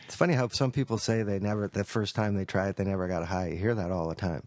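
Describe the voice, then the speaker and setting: A man co-hosting a casual podcast chat, chiming in with quick remarks and laughs. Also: lowish voice, steady tone, a little mellow, dry recording. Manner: chatty, quick to chime in and laugh. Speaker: podcast co-host.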